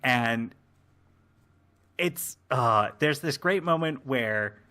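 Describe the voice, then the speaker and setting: A man's voice: mid-range voice, expressive, drawn-out words, pushed and bright. A man co-hosting a podcast, casually recapping a show in a rambling way, with lots of fillers. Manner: rambling, many fillers, acts out scenes. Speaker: podcast co-host.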